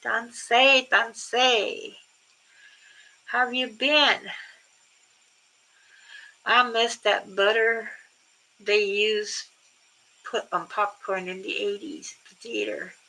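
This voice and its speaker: A woman's voice: mid-range voice, steady tone, takes it slowly, pauses often, sharp tone, rough recording. An older woman chatting casually with viewers on a livestream, telling rambling stories and laughing often. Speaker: livestream host.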